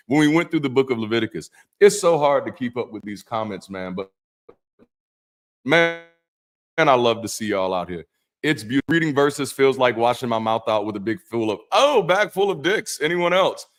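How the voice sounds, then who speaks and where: Man, ex-pastor, casual livestream chat, profane jokes, loose delivery, restarts his sentences. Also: mid-range voice. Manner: loose, profane, joking asides; repeats words and restarts often. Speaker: ex-pastor hosting a Bible study.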